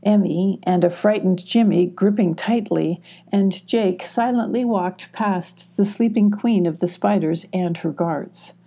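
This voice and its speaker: Husky woman reading a storybook. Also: mid-range voice, measured pace, hardly any pauses, warm tone. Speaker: audiobook reader. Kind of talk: scripted audiobook narration.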